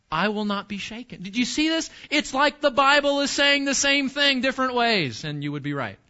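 A middle-aged male pastor preaching a sermon, talking with the congregation in a conversational way, asking them questions and slowing down to read scripture. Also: high-pitched, pushed and bright, lo-fi sound.

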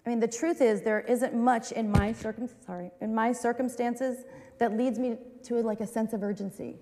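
A woman pastor delivers a sermon, moving from solemn recitation to candid, conversational asides that poke fun at herself. Her voice is warm and mellow, and it rings with a long reverb from a large church hall. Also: on the high side, steady tone, moderate pace.

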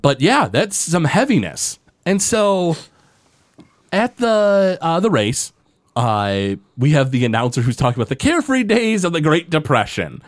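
A man's voice: on the high side, very animated, measured pace, dry recording. A man co-hosting a podcast, casually recapping a cartoon episode and slipping into playful voices as he retells scenes. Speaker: podcast co-host.

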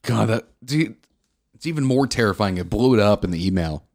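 Man, podcast co-host, lively swooping voice, crude jokey chat. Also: lowish voice, a little fast. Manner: crude, animated storytelling. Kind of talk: casual comedic chat.

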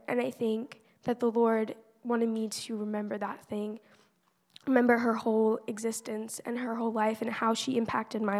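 Teen girl, slightly high voice with gravelly fry, earnest testimony, long reverb of a church hall. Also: darkish tone. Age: teenager. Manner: earnest, conversational, many "like" fillers. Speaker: church member giving a testimony. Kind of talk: personal faith testimony.

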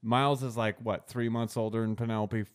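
A young adult man hosting a podcast, telling a story in casual chat, laughing a lot and breaking into loud yells. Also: lowish voice, little pitch movement, fairly quick. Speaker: podcast host.

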